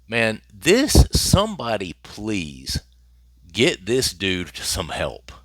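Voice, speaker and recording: Guy with a low voice doing news commentary on his channel, bright tone, dry sound, leans hard on his words. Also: huge pitch swings, very slow, dry recording. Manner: emphatic, repeats phrases for effect. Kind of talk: casual commentary on celebrity news.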